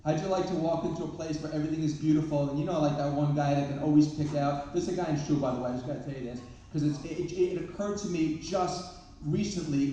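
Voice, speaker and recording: A therapist and parenting speaker, a man with a fairly high, mellow voice, gives a funny live talk built on stories that poke fun at himself. The large hall sounds echoey, the mic is distant, and a little hiss or hum comes through.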